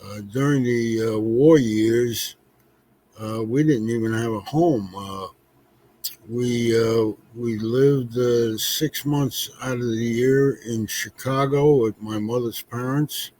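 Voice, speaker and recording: A man in his eighties from New York, answering interview questions slowly with many pauses and fillers. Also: mid-range voice, darkish tone. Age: 80s. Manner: slow, halting, many fillers. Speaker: guest, author.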